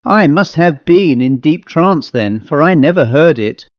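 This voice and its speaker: A man voicing a brisk, self-assured male medium in a crisp, chatty manner for an audiobook story. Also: animated, no echo. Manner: crisp, chatty, lifted pitch. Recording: dull lo-fi dry recording.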